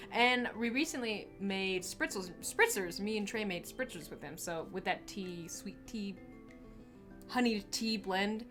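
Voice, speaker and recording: Here a livestream host talks casually from a small home studio, her medium-pitched voice a bit bright. Her chatter rambles with frequent restarts and laughter, recorded through a desk camera mic.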